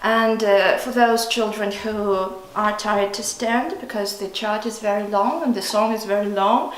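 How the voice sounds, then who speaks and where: A woman's voice: mid-range voice, unhurried. A woman teacher with a Russian accent giving a patient classroom demonstration lesson, chanting syllables in a sing-song way. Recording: echoey classroom with background noise.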